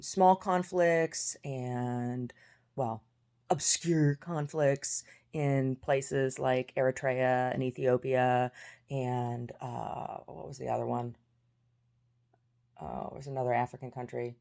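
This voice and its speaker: Her voice is deep with a darkish tone as she, an American, rambles through stories in a casual monologue. Sarcasm, bluntness, cursing, frequent laughs and restarts mark the way she talks.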